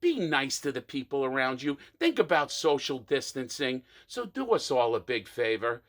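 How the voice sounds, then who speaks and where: A man performing an exasperated comic rant monologue, mocking people with quick impressions. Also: mid-range voice, big pitch swings.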